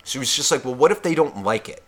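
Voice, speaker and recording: With an animated, fairly bright mid-range voice, a man speaks at a quick pace as co-host of a podcast. His casual storytelling rant recounts a profane shopping episode, and he performs both parties in the conversation.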